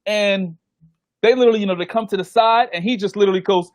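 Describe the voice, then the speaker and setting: A man tells stories from his DJ career, slipping into quoted voices and laughing as he goes. His voice sits a little high for a man. The sound is dry and close, with no room in it. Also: fast, no room sound. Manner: animated, acts out quoted voices, laughs often. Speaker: DJ guest. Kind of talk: casual interview storytelling.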